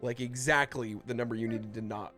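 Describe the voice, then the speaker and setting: Over loud music, a game master runs a tabletop session, narrating combat and explaining rules in a casual, halting way full of restarts. He speaks at medium pitch in a steady tone.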